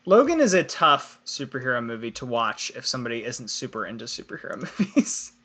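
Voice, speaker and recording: A man's voice: medium pitch, very animated, brisk, a bit bright. A young man co-hosting a live podcast, chatting casually, laughing often and reading chat comments aloud. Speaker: podcast co-host.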